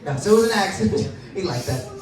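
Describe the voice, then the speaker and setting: Self-deprecating stand-up comic, echoey room. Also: male voice, sits high, expressive, fast, a little mellow, far from the mic. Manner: self-deprecating, laughs at own jokes. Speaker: stand-up comedian. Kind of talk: stand-up comedy set. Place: comedy club stage.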